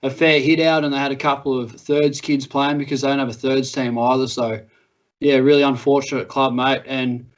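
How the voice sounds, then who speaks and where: A young Australian man in casual podcast chat, spinning laid-back yarns at a mid pitch. The audio is a little muffled and lo-fi. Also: little pitch movement, moderate pace. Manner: laid-back storytelling, laughs through tales. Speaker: podcast co-host.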